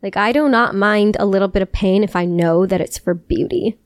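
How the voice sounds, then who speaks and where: A woman's voice: mid-range voice, normal speed, dry recording, studio quality. A young woman co-hosting a podcast, chatting in a playful, emphatic way. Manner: playful, emphatic, sometimes swears. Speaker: podcast co-host. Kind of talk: casual chat.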